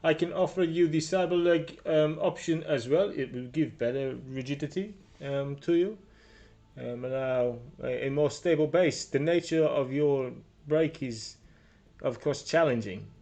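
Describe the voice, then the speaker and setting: In a mellow, fairly high voice at a measured pace, a man plays a shrewd female clinic doctor with a put-on Russian accent. She speaks formally and haggles over prices, hesitant yet businesslike as she upsells.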